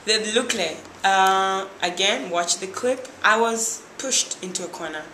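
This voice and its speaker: Young tanzanian woman being interviewed, bright voice, acts out the quotes, echoey room. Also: medium pitch, unhurried. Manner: lively storyteller who acts out other people's lines. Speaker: interview guest, former reality show contestant. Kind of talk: interview, animated retelling. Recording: echoey room with faint noise.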